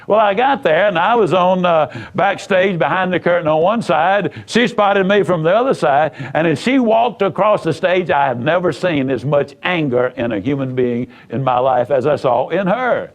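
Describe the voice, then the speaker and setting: A man's voice: on the high side, expressive, moderate pace, hardly any pauses. Man, motivational speaker, from the United States, folksy storytelling, emphatic. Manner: emphatic and folksy, with repetitions and acted-out dialogue.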